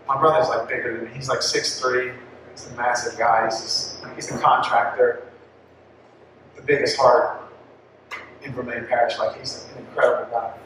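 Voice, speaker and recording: At a family catechesis talk, a young-adult man speaks as a parish speaker, giving parents a heartfelt personal testimony in a medium-pitched, fairly bright voice. His phrasing is casual, full of "like" and restarts. The hall is echoey, the mic far off, with slight background noise.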